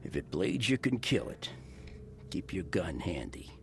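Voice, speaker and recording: A gravelly, guarded bartender. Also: male voice, low-pitched, sing-song, measured pace, slight background noise, exaggerated voice. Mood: gruff. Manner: guarded and blunt. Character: gruff male bartender, suspicious of strangers.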